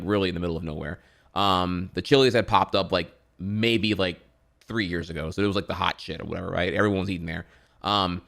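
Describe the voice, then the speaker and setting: A man's voice: low-pitched, fairly bright tone. A man in his thirties with a Louisiana accent, rambling and swearing while chatting on stream. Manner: profane, rambling, many restarts. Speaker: streamer reacting to videos. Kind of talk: casual rambling chat.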